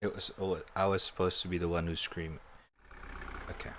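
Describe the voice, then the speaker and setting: A man's voice: sits low, flat delivery, a little fast, pauses often, a bit bright. A young man live-streaming a horror game, swearing freely, jumpy and talking to himself and his chat.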